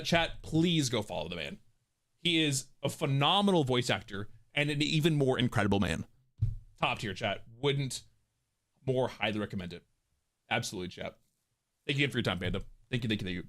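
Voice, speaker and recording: Animated, bright-voiced male streamer. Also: medium pitch, brisk. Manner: animated, jokey and self-mocking, laughs often. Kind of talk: casual live-stream chat while reading voice scripts.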